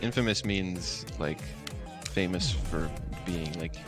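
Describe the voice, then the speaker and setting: A young woman co-hosting a game stream, chatting in a relaxed, playful way and laughing often. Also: extremely low pitch, takes it slowly, music in the background. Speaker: co-host. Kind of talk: casual chat while gaming.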